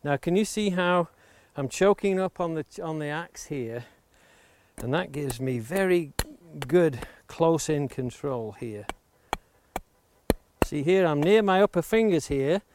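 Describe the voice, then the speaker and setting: Speaking a little slowly, a woodcarving instructor with a slightly high voice and lively intonation demonstrates, outdoors near the coast, how to shape a wooden blank with an axe. He explains each step and stresses safety in this hands-on tutorial, while axe chops and clicks sound clearly behind him.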